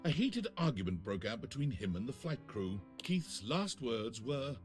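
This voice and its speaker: A man narrating a video game in a dry, deadpan scripted delivery. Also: medium pitch, unhurried, faint music behind.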